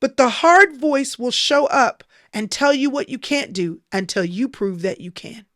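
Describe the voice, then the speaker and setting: A woman delivers a motivational sermon, hammering her points with emphatic repetition. Her voice sits fairly high, and the sound is close and dry, with no room around it. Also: animated, a little slow, a bit bright, no room sound. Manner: emphatic, repetitive preaching cadence. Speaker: Christian speaker.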